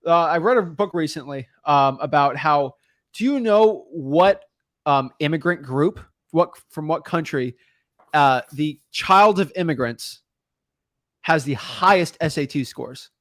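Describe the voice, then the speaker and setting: Man, podcast host, excited rambling chat, slightly high voice. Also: measured pace, no room sound, clean studio sound. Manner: energetic and emphatic, rambling with restarts. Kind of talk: casual chat.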